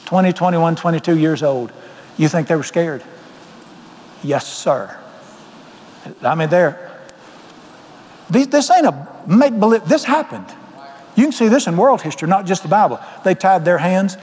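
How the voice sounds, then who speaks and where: A pastor with a Southern US accent preaches a sermon in a church sanctuary, telling stories in a folksy, emphatic way. His voice is on the high side and darkish, with lively intonation, a measured pace and long pauses. The large hall gives a long reverb.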